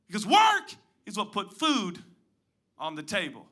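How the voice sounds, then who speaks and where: Male pastor, sermon delivery, very bright tone, slightly high voice, big swings from loud to hushed. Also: huge pitch swings, a little slow. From Pacific Northwest. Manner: dynamic preaching, swings from loud emphatic highs to hushed low asides.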